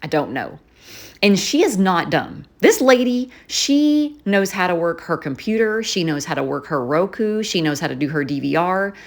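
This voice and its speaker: Lively, chatty woman vlogger. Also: fairly low pitch. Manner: chatty, rambling, full of fillers and asides. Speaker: journaling vlogger. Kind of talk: casual storytelling chat.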